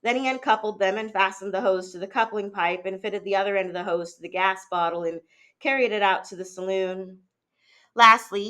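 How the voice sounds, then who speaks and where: Bright-voiced woman reading a novel aloud. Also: medium pitch. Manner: measured, steady reading with small fillers and restarts. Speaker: teacher.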